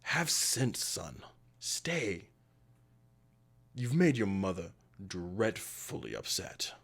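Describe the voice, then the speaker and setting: Cold disapproving aristocratic father played by a man, lower voice, measured and stern. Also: sing-song, fairly bright tone, husky, exaggerated voice. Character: stern wealthy middle-aged father.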